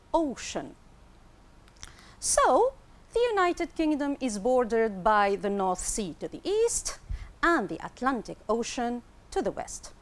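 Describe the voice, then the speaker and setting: A woman teaching an English lesson on television, explaining slowly and clearly and repeating words for pronunciation. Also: on the high side. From Tunisia.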